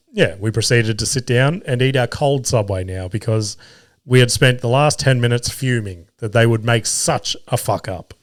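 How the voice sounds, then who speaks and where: A man's voice: medium pitch, no room sound, clean studio sound. A man hosting his own podcast, telling home and comedy stories in a casual, sweary way and laughing at himself. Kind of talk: casual solo podcast storytelling.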